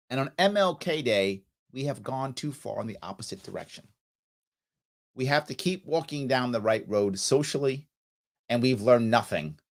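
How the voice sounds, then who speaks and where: An American man hosting a political talk show, delivering an emphatic livestream monologue and acting out both sides of each argument. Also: mid-range voice.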